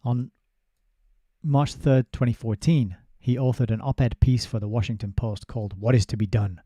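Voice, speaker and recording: Very dark-voiced sardonic man. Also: medium pitch, fairly even intonation, dry recording, clean studio sound. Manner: sardonic asides with halting restarts. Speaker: book reviewer. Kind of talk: casual spoken book review, reading passages aloud.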